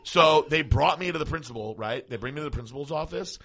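Laid-back bright-voiced man telling stories. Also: a little high, quick pace. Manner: laid-back storyteller who laughs often. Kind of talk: casual storytelling chat.

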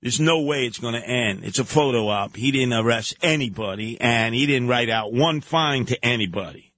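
A man's voice: medium pitch, a bit bright, no echo. A man hosting a talk radio show, giving combative, sarcastic commentary. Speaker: radio host.

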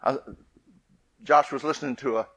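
A man preaching a sermon, telling a family story with lively rises and soft, hushed endings. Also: mid-range voice, moderate pace, no room sound.

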